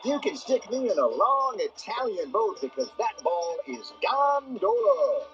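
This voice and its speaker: A blustering TV baseball announcer who drags out every punning punchline, high-pitched and swooping wildly up and down. It comes from a dull, lo-fi TV clip with faint music underneath. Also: male voice, sing-song, measured pace, fairly bright tone, full character voice. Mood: bombastic. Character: bombastic middle-aged male TV baseball announcer. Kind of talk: scripted sitcom home run calls.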